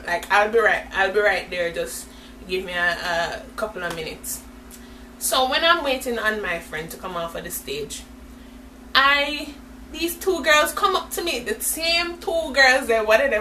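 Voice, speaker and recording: A woman's voice: medium pitch, distant mic, slight background noise, poor audio. A young woman telling a story in a chatty vlog, acting out the lines of the people in it. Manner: animated, chatty storytelling with voiced-out quotes. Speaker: vlogger.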